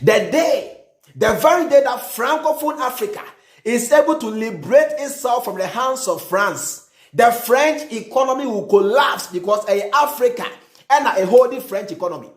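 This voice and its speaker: A man's voice: very high-pitched, animated, normal speed. A Ghanaian man, a prophet, giving fiery, emphatic commentary and mixing English with Twi, repeating his points for stress. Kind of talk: impassioned commentary. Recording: roomy echo.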